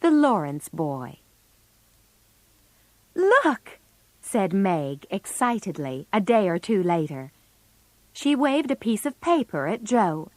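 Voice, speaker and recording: Woman narrator for learner audiobook; slow, lively intonation, close dry mic. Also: medium pitch, no room sound. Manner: slow, clearly enunciated storytelling. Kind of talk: scripted narration for English learners.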